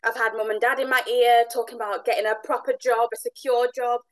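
A woman's voice: on the high side, little pitch movement, fairly quick, rough recording. A woman hosting a podcast, chatting casually and agreeing often as she draws out her guest. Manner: warm interviewer, frequent brief agreement. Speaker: podcast host. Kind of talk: casual chat.

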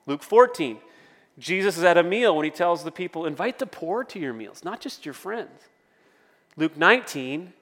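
A man's voice: on the high side, animated, normal speed, fairly bright tone, long reverb tail. A man preaching a sermon as pastor, conversational, with storytelling asides.

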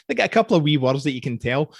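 A man's voice: medium pitch, gravelly, slightly rough, no echo. A middle-aged man with a Scottish accent, hosting a casual interview and telling stories with easy laughs. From Scotland. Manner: chatty, laughs easily, storytelling. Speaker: podcast host.

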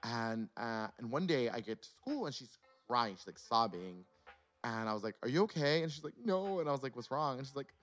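Man, podcast co-host, animated storytelling, lively pitch, bright tone. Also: brisk, faint music behind. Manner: animated storyteller, acts out quotes. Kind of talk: casual chat.

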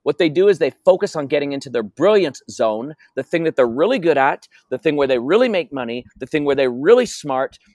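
A man's voice: fairly high pitch, lively intonation, fairly quick, hardly any pauses, a little mellow, dry recording. Emphatic storytelling man, dry close sound. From North America. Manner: emphatic, storytelling, repeats key phrases. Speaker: interview guest, wealth coach. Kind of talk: energetic interview talk.

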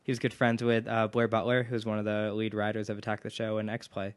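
A man co-hosting a podcast in casual chat, easygoing and agreeable with quick asides. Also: fairly low pitch, monotone. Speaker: podcast co-host.

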